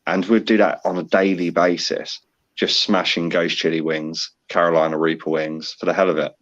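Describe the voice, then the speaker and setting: A man's voice: low voice, level tone, moderate pace, fairly bright tone, lo-fi sound. A man being interviewed in a casual chat, talking in a rambling, laid-back way. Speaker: guest.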